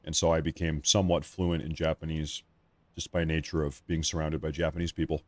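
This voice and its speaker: A man's voice: rumbling low, level tone, brisk, no room sound. A man in his thirties hosting a live stream, chatting casually and rambling, often repeating himself.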